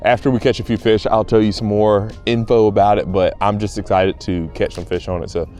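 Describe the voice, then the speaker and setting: A man chatting casually and excitedly to viewers outdoors by a pond while fishing. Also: lowish voice, fairly quick, faint music behind. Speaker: fishing vlogger. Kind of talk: casual on-the-water vlog chat.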